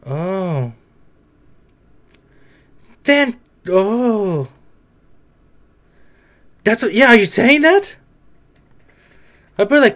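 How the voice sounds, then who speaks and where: A man giving casual anime reaction commentary, excitable and swearing as he blurts out his reactions. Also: high-pitched, extremely slow, long pauses. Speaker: anime reaction video creator.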